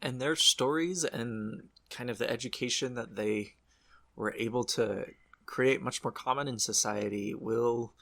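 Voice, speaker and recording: A man's voice: medium pitch, a little slow, gravelly, fairly bright tone. A man co-hosting a horror podcast, chatting casually and rambling, correcting his own slips. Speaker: podcast co-host.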